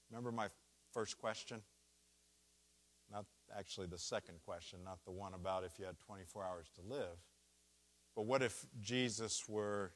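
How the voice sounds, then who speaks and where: A man preaching a sermon, walking through a scripture passage and leaning hard on key words. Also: sits low. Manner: slow, deliberate preaching with stressed key words. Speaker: pastor.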